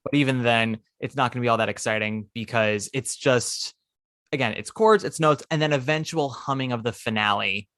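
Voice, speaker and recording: A man hosting a podcast, casually recounting a musical's plot with lively asides. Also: mid-range voice, moderate pace, no room sound, clean studio sound. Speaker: podcast host. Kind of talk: casual chat.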